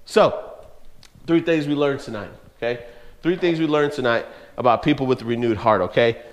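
A man preaching a youth sermon, telling a story with lively, laughing energy and talking straight to the young listeners. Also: mid-range voice, moderate pace. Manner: animated storytelling, laughs often, addresses listeners as bro. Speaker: youth pastor.

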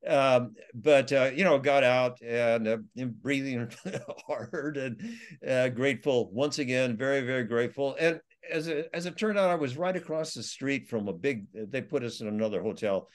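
Man guest, rambling storyteller, chuckling, mid-pitched voice. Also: moderate pace. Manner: rambling, many restarts and laughs. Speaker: author and guest. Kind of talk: storytelling interview.

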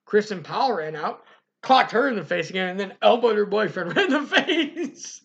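A man's voice: high voice, moderate pace, vocal fry, dull audio. Profane young man telling stories. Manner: profane, animated storytelling with acted-out quotes. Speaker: podcast co-host. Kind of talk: casual storytelling chat.

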